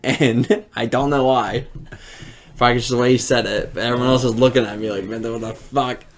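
A man's voice: medium pitch, a little fast. A young man, a podcast co-host, telling a funny story in casual chat and laughing as he goes. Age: young adult. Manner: animated, laughs through his own story.

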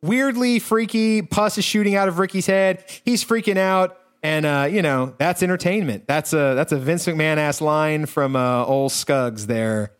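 A man with a slightly high voice recaps a movie on a podcast. He rambles and swears, filling every gap with "uh" and "like". The talk is casual and chatty. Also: moderate pace, few pauses, clean tone. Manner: rambling, profane, many fillers and restarts. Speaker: podcast co-host.

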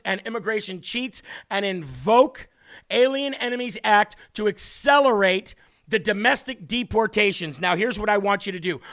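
A male host of a political commentary livestream speaks with emphatic force. His voice sits high and sounds bright and forceful. He drives his points home and ends on rousing sign-offs.

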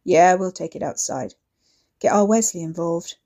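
A woman voicing a menacing, swaggering man who taunts loudly and swears coarsely, in a storybook reading. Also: fairly low pitch, moderate pace, close to an everyday voice. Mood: grim. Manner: loud, goading, coarse swearing. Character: menacing, swaggering male brute, taunting and volatile.

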